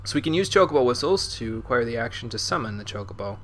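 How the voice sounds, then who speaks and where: A man's voice: medium pitch, animated, quick pace, a bit bright, a little hiss or hum. A young man streaming a video game, chatting casually and mumbling to himself as he plays. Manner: mumbles to himself, chuckles often. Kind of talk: casual gameplay commentary.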